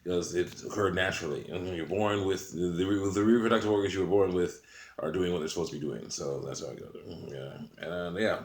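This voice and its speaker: A deep-voiced man rambles through a casual monologue, chuckling often between his sentences. His voice is low and carries a roomy echo, as if he is recording in a bare room. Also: a little fast, slight background noise. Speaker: channel host.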